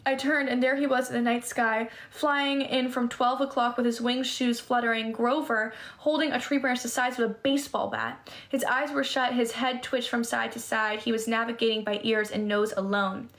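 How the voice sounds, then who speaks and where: A woman's voice: a little high, fairly even intonation, normal speed, few pauses, fairly bright tone. A woman reading a novel aloud in first person, now and then stumbling over words and restarting them. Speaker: reader.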